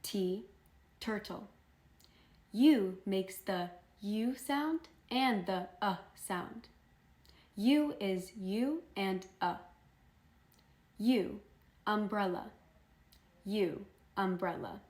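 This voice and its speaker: A teenage girl leads a phonics lesson for toddlers, speaking very slowly and repeating every letter and word. Her tone is cheerful and encouraging, with a mid-range voice. The room around her is noticeably echoey. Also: medium pitch, animated, darkish tone. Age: teens. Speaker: children's phonics teacher.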